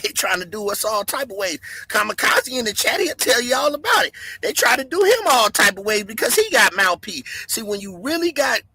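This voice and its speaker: A man with a very high, bright, husky voice rants on a livestream. He shouts, drops to mutters and cackles. His close, dry mic has no room sound. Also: fairly quick, few pauses, no echo, low-quality recording. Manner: loud, excitable, swings between shouting and mumbling, laughs often. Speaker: livestream host. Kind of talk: animated livestream rant.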